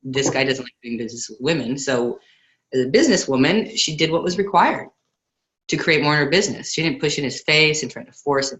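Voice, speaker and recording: A woman co-hosting an online book club discussion, chatty and quick to laugh. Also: sits low, fairly bright tone, poor audio. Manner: chatty, laughs often, quotes others in voices.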